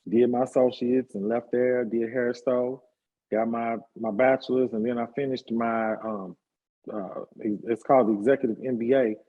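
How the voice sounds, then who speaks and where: A man in his fifties, a hairstylist and party promoter, telling his life story in a relaxed interview with lots of fillers. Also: medium pitch, moderate pace, narrow, tinny audio. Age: 50s. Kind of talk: casual conversational interview.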